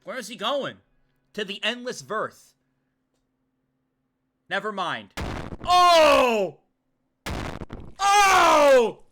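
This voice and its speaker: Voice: mid-range voice, sing-song, takes it slowly, pauses often, bright, forceful tone, faint music behind. A streamer giving profane, ranting live gameplay commentary and chatting with viewers.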